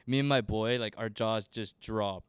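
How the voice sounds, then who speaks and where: A man's voice: lowish voice, normal speed, smooth, no room sound. A young adult man from Canada, telling a rambling, slangy story in casual podcast chat and acting out what others said. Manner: rambling, slangy, animated retelling with quoted voices.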